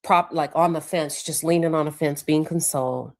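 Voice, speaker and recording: Woman livestream host with a deep, low voice; casual and chatty, stops to look at her notes. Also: steady tone. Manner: conversational, pauses to check her notes. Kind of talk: casual livestream commentary recounting court testimony.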